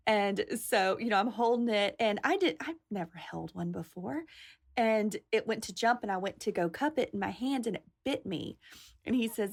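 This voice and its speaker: A woman's voice: a little high, animated, normal speed. A woman hosting a podcast, chatting casually and enthusiastically about animals. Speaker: podcast host. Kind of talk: casual chat.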